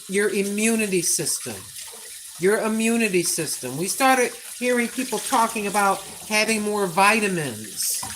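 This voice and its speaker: A woman in her sixties hosting a cooking livestream, chatting in a folksy way and repeating her points slowly for emphasis. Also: medium pitch, a bit bright, slight background noise. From United States. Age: 60s. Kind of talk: casual livestream chat.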